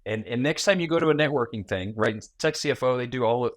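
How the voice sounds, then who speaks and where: A man in his forties, a podcast guest who tells stories in a lively way and acts out small talk in quick asides. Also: mid-range voice, dry recording. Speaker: guest, founder and keynote speaker. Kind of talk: conversational podcast interview.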